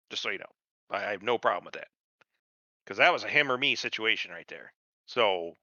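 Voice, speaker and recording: A man's voice: fairly high pitch, sharp tone, no echo. A man co-hosting a casual podcast, ranting heatedly and sarcastically, swearing freely and acting out characters as he goes. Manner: heated, sarcastic, acts out characters mid-rant. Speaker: podcast co-host. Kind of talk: casual profane chat reviewing a show. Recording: dull lo-fi sound, dry.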